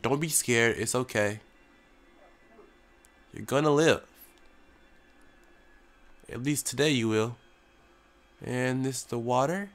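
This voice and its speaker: A man's voice: mid-range voice, takes it slowly, pauses often. A young man, sick with a cough, giving casual joking commentary while playing a flight game as a mock tour pilot. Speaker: gaming YouTuber.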